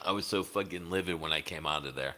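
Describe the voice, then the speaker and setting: A man's voice: low-pitched, quick pace, bright, forceful tone, long reverb tail. A man chatting casually on a livestream, rambling and swearing, with many fillers. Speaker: livestreaming guitarist.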